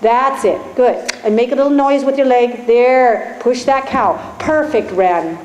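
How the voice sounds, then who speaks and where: A woman's voice: fairly high pitch, measured pace, a little mellow, dull audio. Encouraging woman coaching riders in an echoey arena. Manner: encouraging, directive, talks through instructions. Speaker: riding instructor. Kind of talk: live coaching during a riding lesson. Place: indoor riding arena. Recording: echoey arena with faint ambient noise.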